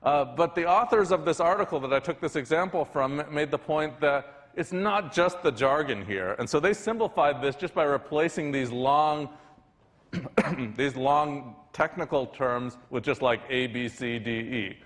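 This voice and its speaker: In a lecture hall with long reverb, a man gives a university lecture conversationally, frequently restarting sentences and using fillers. His voice sits on the high side, with a measured pace and a fairly bright tone.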